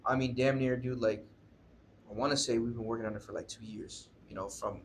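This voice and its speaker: A man's voice: medium pitch, fairly even intonation, brisk, slight background noise. A young man, a musician guest telling a story in a casual interview, rambling with lots of fillers and swearing. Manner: rambling, profane, filler-heavy.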